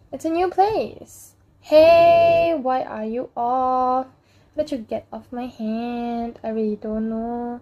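A woman's voice: on the high side, lo-fi sound. A woman casually commenting while playing a mobile game, playfully bossing around and threatening the game characters. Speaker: gameplay channel host.

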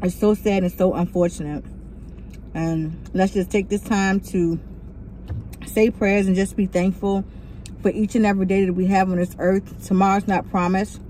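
A woman's voice: medium pitch, flat delivery, moderate pace, dark tone, slight background noise, low-quality recording. A young adult woman hosting a casual mukbang vlog from inside a car, chatting directly to her viewers. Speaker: vlogger host.

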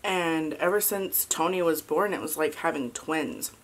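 A woman in her thirties chatting casually as a vlogger and mother, halting and soft with many fillers, fighting back tears. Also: sits low. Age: 30s. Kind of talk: casual confessional chat.

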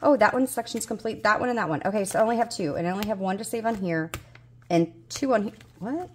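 Her mid-range voice moves quickly with lively intonation, and a faint hiss or hum sits underneath. This budgeting vlogger, a Southern US woman in her forties, talks to herself in casual solo chat as she plays a budgeting game. She hunts for pieces with mild exasperation.

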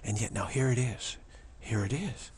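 A man giving a spiritual talk as a teacher, musing and repeating himself, with many restarts and drops into soft whispers. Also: medium pitch, normal speed, breathy edge.

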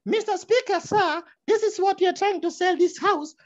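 Shrill woman politician, as a speaker puts her on, high squeaky register, pompous parliamentary tone, muffled lo-fi audio. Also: moderate pace. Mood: mocking.

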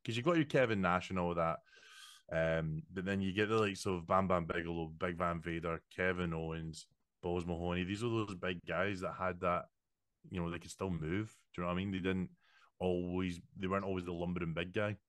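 Deep fast man, dry sound. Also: fairly even intonation, fairly bright tone, no room sound. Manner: quick, teasing banter. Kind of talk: casual podcast chat.

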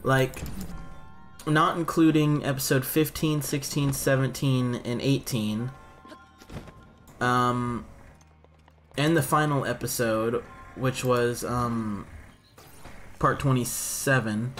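A young man giving casual, rambling let's-play commentary, thinking out loud and poking fun at himself. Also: medium pitch, steady tone, slow, long pauses, soft background music.

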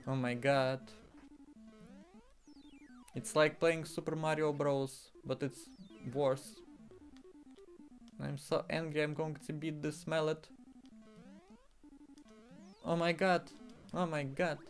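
A man talks through a retro platform game, his voice a touch high and his delivery slow and drawn out. He sounds exasperated, swears and exclaims often. Faint game music plays underneath. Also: little pitch movement. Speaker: gaming streamer. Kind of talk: casual game commentary.

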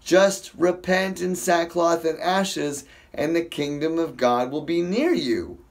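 Guy doing a chill bible study, reads verses real slow, keeps cutting himself off and wandering off topic, kinda high voice. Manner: rambling, self-interrupting, digressive. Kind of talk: casual scripture reading with commentary.

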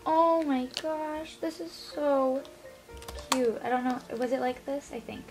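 Vlogger, young woman, high-pitched, unhurried, soft gushing delivery. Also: little pitch movement, over music. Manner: gushing, gasping with delight. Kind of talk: unboxing vlog.

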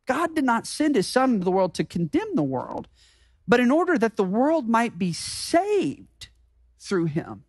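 A man preaching a sermon as pastor, emphatic and slowing down to repeat key phrases. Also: very high-pitched, wildly swooping pitch, no room sound. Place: church sanctuary.

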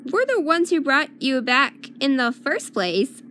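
A woman voicing a brash, sharp-tongued young warrior woman who teases and taunts. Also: high-pitched, sing-song, unhurried, a little hiss or hum, pitched above the performer's own voice, exaggerated voice. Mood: taunting.

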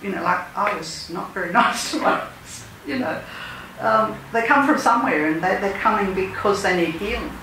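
A woman with a bright, forceful, mid-range voice speaks expressively at a normal pace with hardly any pauses. She's a spiritual healer and teacher in a lodge meeting room, talking earnestly and emphatically and leading call-and-response mantra chants. The recording is noisy and echoey, with her far from the mic.

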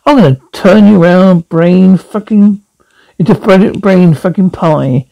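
A man's voice: sits high, measured pace, gravelly, dark tone, dry recording, poor audio. A man doing a vicious foul-mouthed dummy. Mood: snarling. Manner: snarling, crude heckling. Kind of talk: radio drama acting.

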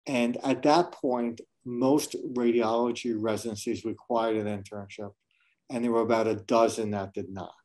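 A middle-aged man from New York City speaks as a medical school dean in a webinar interview. His voice is warm and mellow, and his manner is earnest and reflective, with frequent restarts. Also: lowish voice.

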